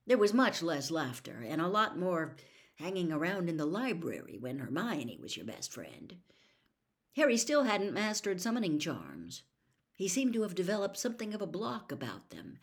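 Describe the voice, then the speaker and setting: A woman reads a children's novel aloud in an expressive storytelling voice. Her voice is low, yet her pitch moves a lot. She sometimes drops into a hushed whisper. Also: normal speed. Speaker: narrator. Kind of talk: audiobook narration.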